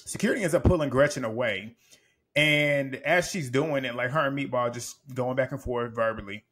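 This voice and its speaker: A man's voice: mid-range voice, normal speed, a bit bright. A man casually recapping a reality TV episode, blunt, profane and emphatic in his opinions.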